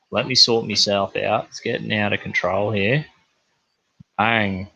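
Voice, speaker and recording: Sweary Australian bloke ranting forcefully. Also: male voice, on the low side, steady tone, measured pace, gravelly, no room sound, dull audio. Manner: rambling, sweary, blokey slang. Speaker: livestream news host. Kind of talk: crude comedic news rant.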